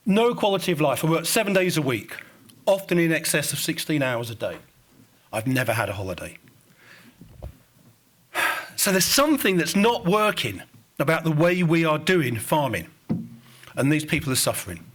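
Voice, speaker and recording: Male conference speaker, Estuary English accent, higher voice, informal and audience-facing. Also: fairly bright tone. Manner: informal, addresses audience directly. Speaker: conference speaker presenting research. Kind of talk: conference presentation.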